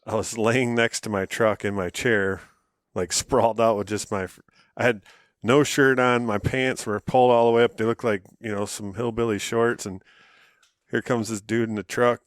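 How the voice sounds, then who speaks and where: Laid-back man with a low voice. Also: moderate pace, no echo, clean studio sound. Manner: relaxed, chuckling, self-deprecating storytelling. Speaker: podcast co-host. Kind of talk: casual chat.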